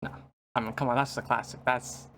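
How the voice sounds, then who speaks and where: A man's voice: mid-range voice, fairly even intonation, a bit bright, a little hiss or hum. A man co-hosting a casual podcast, teasing dryly and laughing easily. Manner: wry, teasing, quick to laugh. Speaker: podcast co-host. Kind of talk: casual chat.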